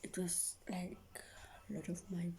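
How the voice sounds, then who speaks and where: A woman's voice: lowish voice, monotone, normal speed, dark tone, a little hiss or hum. A young woman telling an emotional story to her viewers, often dropping into a whisper and repeating herself. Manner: repetitive, keeps addressing viewers. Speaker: vlogger.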